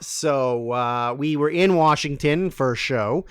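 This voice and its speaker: Smooth-voiced man, rambling casual chat. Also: mid-range voice, slow, a bit bright, no echo. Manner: rambling, profane storytelling. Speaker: podcast co-host answering listener questions.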